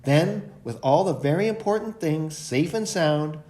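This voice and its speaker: A man, a library director, reading a picture book aloud for a children's storytime in an expressive way. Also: a little high, unhurried.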